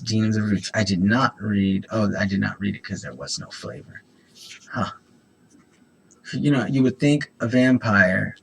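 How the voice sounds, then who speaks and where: A man's voice: lowish voice, vocal fry, husky, low-quality recording. A man with an itchy throat hosting a casual card-opening video. He reads card text aloud and rambles through asides. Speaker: host.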